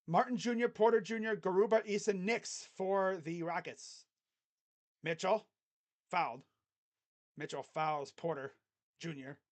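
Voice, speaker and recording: A fan streamer calling a basketball game live, play-by-play style, mixing excited calls with sarcastic jokes and quiet mutters. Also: medium pitch. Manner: joking, sarcastic asides. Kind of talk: casual live play-by-play reaction.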